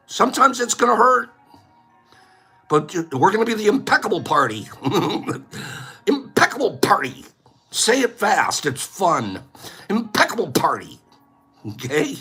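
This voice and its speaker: A man's voice: high voice, big pitch swings, takes it slowly, gravelly, pauses often, sharp tone, slightly rough, faint music behind. A man hosting a casual livestream, rambling through joking rants and giving things away to viewers.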